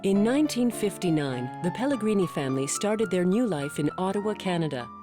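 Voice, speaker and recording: A woman narrating a documentary in a measured, scripted delivery. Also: on the low side, lively intonation. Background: music.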